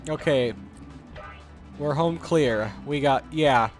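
A man's voice: on the high side, slow, faint music behind. A man giving casual, jokey commentary while playing a video game, grumbling at the levels. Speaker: let's play host.

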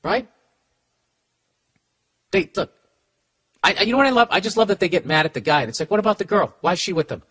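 A man's voice: high voice, sing-song, fast, pauses often, fairly bright tone. A middle-aged man with a Boston accent hosting a podcast, giving comedic advice in a profane, ranting way with stammering restarts. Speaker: podcast host.

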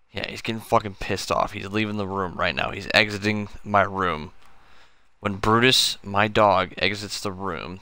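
A drunk man streaming a game, talking slowly and irritably, swearing all the time as he comments on play. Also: fairly low pitch, sharp tone, no room sound. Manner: slow, slurred, irritable, swearing constantly. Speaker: gaming streamer. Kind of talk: profane drunk gameplay commentary.

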